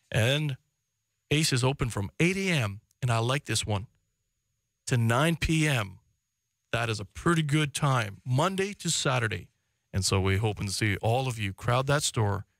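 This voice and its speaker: A man's voice: mid-range voice, gravelly, fairly bright tone, no echo, clean studio sound. A man hosting a talk radio show, easygoing and joking as he moves into a live ad read.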